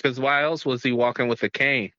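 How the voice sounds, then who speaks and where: A man's voice: medium pitch, steady tone, a little fast, pushed and bright, no echo. A man co-hosting a casual movie review podcast, joking and chiming in with wry remarks. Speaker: podcast co-host. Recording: dull lo-fi mic.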